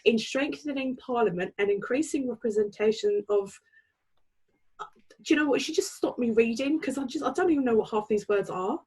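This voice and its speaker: A woman's voice: on the high side, moderate pace, a little mellow, slightly rough, low-quality recording. A woman co-hosting a podcast and reading out listener questions, bubbly and self-deprecating. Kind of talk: casual podcast chat.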